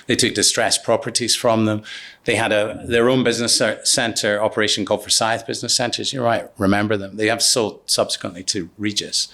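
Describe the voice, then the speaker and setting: A man's voice: fairly low pitch, fairly bright tone. A middle-aged man telling a career anecdote as an interview guest, hesitant with many ums and restarts. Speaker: business partner guest.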